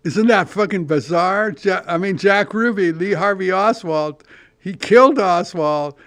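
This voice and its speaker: High, smooth-voiced older man rambling. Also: fairly bright tone, dry recording, studio quality. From California. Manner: meandering, profane, self-deprecating storytelling with many restarts. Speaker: podcast host. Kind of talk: rambling monologue.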